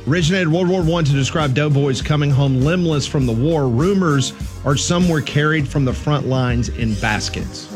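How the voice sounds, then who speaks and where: A man's voice: a little high, moderate pace, over music. A man hosting a radio talk show, quizzing his co-hosts in casual banter. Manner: quizzing co-hosts on word origins.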